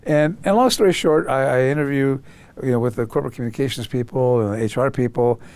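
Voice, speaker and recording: An older man, appearing as a guest in an interview, tells stories animatedly and acts out other people's voices. His mid-range voice is clear and resonant, and he speaks fast.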